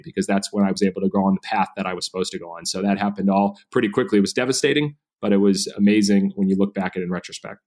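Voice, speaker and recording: A man's voice: fairly low pitch, level tone, fast, few pauses, darkish tone. A man in his thirties, a podcast guest telling his story with energy and animation. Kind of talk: storytelling interview.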